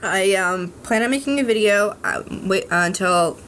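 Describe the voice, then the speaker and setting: A woman's voice: medium pitch, lively intonation, normal speed, fairly bright tone, slight background noise. A young adult woman vlogging at home, talking candidly to camera in a rambling way, with many ums, restarts and frank swearing. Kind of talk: candid casual talk to camera.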